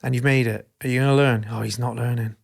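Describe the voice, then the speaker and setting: Gravelly man musing. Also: medium pitch, steady tone, fast talker. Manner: reflective, swears casually, quotes people. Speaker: podcast host. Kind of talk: casual chat.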